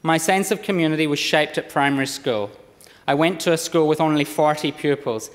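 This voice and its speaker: A man in his thirties with a lowland Scottish accent softened by years in Australia, delivering a measured, formal speech in parliament. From Scotland. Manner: measured, read-out oratory with occasional slips. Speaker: member of parliament. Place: parliament chamber. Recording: long reverb of a large chamber.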